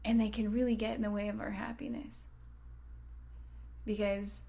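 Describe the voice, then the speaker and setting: A woman's voice: medium pitch, flat delivery, moderate pace, creaky, warm tone. A woman in her thirties hosting a motivational podcast, talking casually and frankly, full of fillers and swearing, sometimes dropping to a near-whisper for emphasis. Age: 30s. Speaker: podcast host and coach.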